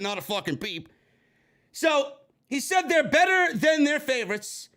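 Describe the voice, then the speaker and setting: High lively guy from new york, cussing nonstop on a wrestling stream, yells a lot. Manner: excitable, swears constantly, bursts into shouting. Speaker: wrestling review livestream host. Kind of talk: casual profane live commentary.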